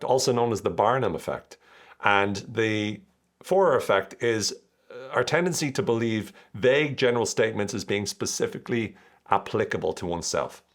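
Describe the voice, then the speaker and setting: A man hosting a podcast, explaining ideas in a casual, chatty and jokey way. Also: medium pitch. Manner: chatty, jokey, acts out quoted voices. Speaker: podcast host.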